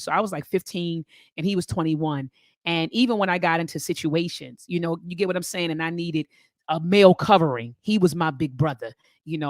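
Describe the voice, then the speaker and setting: A woman, hosting a casual talk show and telling a story, animated whenever she quotes others. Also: lowish voice, dry recording, clean studio sound. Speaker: host.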